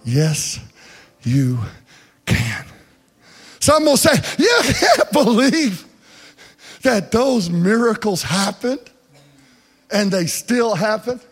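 A man preaching a fervent sermon in a church, swinging between shouted passages and hushed speech. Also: high voice, very animated, takes it slowly, long pauses, faint music behind. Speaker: pastor. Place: church sanctuary.

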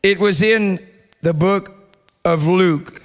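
A young adult man preaching a sermon in a church, leading the congregation in call and response and building to loud prayer. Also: high voice, slow pace. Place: church sanctuary.

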